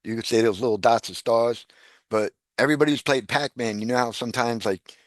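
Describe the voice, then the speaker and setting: A man talks through a casual podcast conversation, chuckling between points and doubling up his words as he goes. His voice sits at an ordinary pitch for a man. The sound is close and dry, with no room around it. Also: brisk, no echo. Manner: animated, laughs often, repeats words. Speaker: guest.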